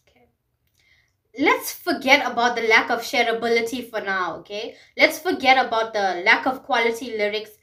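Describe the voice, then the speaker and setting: A woman's voice: on the high side, normal speed, few pauses, sharp tone. A woman vlogger talking through a music review, emphatic and full of rhetorical questions and repeated phrases. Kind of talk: passionate music commentary monologue.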